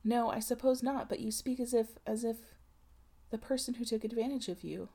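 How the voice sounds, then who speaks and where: A woman voicing a proper married woman who questions in a harsh, dry, insistent voice, pitched a little higher than her own. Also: normal speed, mellow, breathy edge.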